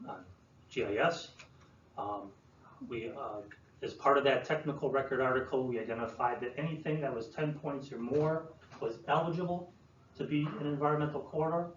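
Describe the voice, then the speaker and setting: A man presenting to an audience, explaining in a relaxed way with many fillers and restarts. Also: mid-range voice. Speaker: land use planner presenting. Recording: roomy, distant, dull sound with faint room noise.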